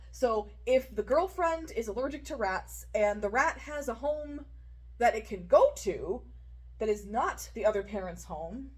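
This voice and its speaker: Chatty woman co-hosting a podcast. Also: medium pitch. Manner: animated, laughs often, thinks out loud. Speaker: podcast co-host. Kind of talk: casual chat.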